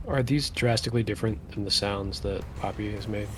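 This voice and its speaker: A man playing a tabletop game, making quick asides about his character. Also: on the low side, slight background noise. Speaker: player. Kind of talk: casual tabletop play.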